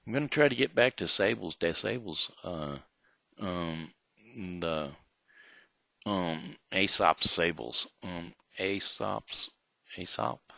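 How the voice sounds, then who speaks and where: A man hosting his own casual home show, talking slowly and hesitantly with lots of fillers. His voice is gravelly yet bright-edged. The sound is dry, dull and lo-fi. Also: deep voice, expressive, dry recording. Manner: rambling, hesitant, many fillers. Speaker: host of a daily home show. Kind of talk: casual rambling chat and story reading.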